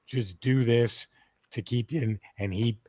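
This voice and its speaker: A man co-hosting a podcast, telling a story in a casual, profane, animated way. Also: mid-range voice, a little slow, breathy edge, no echo, clean studio sound. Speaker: podcast co-host. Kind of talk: casual chat.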